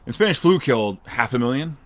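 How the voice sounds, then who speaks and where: A man's voice: mid-range voice, animated, a bit bright. A man co-hosting a casual podcast chat, talking in an emphatic, rambling way. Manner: rambling, emphatic, fast talker. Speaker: podcast co-host.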